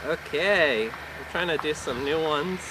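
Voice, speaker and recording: Awkward deadpan comedian, slightly high voice. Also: male voice, unhurried, noisy background. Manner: awkward, hesitant, deadpan delivery full of fillers. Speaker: stand-up comedian. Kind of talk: stand-up comedy set. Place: live comedy venue.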